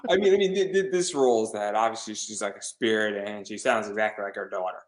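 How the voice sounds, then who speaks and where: Hosting a podcast, a man conducts a casual interview chat, talking enthusiastically while stammering and repeating words. His voice is on the low side and he speaks fast.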